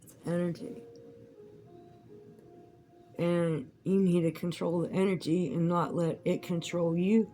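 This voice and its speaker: A woman's voice: fairly low pitch, flat delivery, measured pace, pauses often, mellow, faint music behind, low-quality recording. A woman vlogging at home, rambling casually with lots of swearing and frequent laughs. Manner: profane, rambling, laughs often. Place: at home while crafting.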